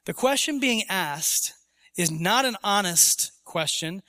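High bright-voiced male preacher. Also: lively intonation, takes it slowly, long reverb tail. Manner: emphatic, rising to voice imagined objections. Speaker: pastor. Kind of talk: sermon. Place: church sanctuary.

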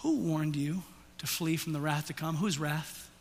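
A male pastor preaching an intense sermon, swinging from hushed whispers to loud, urgent passages. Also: fairly high pitch, steady tone, measured pace. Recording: long hall reverb.

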